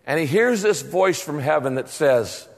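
A man's voice: fairly high pitch, expressive, normal speed, vocal fry, in a large hall. A man preaching a sermon as pastor, telling stories with comic timing.

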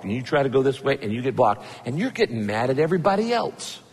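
A male pastor preaching a sermon, telling the story with lively asides and acting out the characters' lines. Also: mid-range voice, fast, hardly any pauses, husky. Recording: long hall reverb.

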